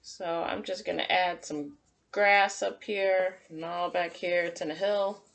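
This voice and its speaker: A woman teacher giving a gentle, encouraging drawing lesson to young children and talking through each step as she draws. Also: on the low side, steady tone, unhurried. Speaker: kindergarten teacher.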